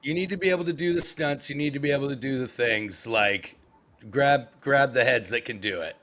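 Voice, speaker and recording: A man's voice: mid-range voice, brisk, a bit bright. A man on a casual comedy panel who rambles, swears freely and trails off into fillers.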